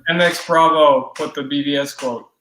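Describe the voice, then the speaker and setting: Guy jumping in on the stream, pretty high voice, roomy echo. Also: fairly even intonation, normal speed, fairly bright tone. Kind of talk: casual live stream chat. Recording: echoey room.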